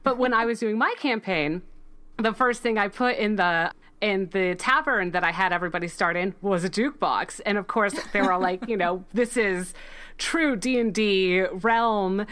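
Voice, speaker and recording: Woman co-host, bright voice, giggly, rambling anecdotes. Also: medium pitch, moderate pace, clear, resonant tone. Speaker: podcast co-host. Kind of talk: casual chat.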